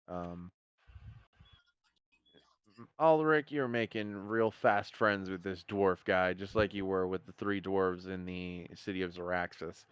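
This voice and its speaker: A man's voice: deep voice, smooth. A man narrating a tabletop game as game master, casual and swearing freely.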